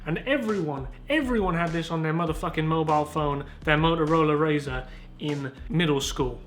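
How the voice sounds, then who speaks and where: A man's voice: a little high, moderate pace, fairly bright tone, soft background music. A man in his twenties with a Southern English accent, hosting a casual comedic commentary in a rambling, sweary, self-mocking way. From Southern England. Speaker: YouTuber host.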